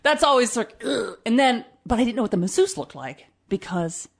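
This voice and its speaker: A woman co-hosting a raunchy podcast, swearing freely and telling animated stories with acted-out quotes. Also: fairly high pitch, moderate pace, vocal fry. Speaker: podcast co-host. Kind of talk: raunchy casual chat. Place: studio.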